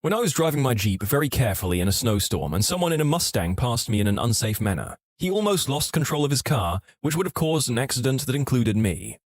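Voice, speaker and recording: Lively male story narrator, dry sound. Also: mid-range voice, no echo. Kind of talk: scripted narration of online stories.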